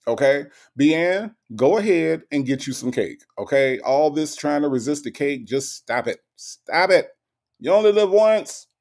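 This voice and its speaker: A man hosting a casual livestream, reading viewers' comments aloud and answering them in an animated way, jumping high for emphasis and then dropping low. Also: measured pace, hardly any pauses. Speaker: livestream host reading chat.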